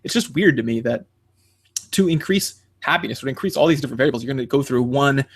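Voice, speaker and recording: Man, quick talker, rambling podcast chat, lots of fillers, animated. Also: medium pitch. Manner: rambling, many fillers and restarts; animated, jumps into quoting others. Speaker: podcast co-host. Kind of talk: casual chat.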